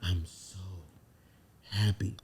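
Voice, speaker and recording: A man from the Virgin Islands, a songwriter telling animated, emphatic stories and swearing freely in a casual podcast interview. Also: sits low, slow pace, breathy edge. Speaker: songwriter guest.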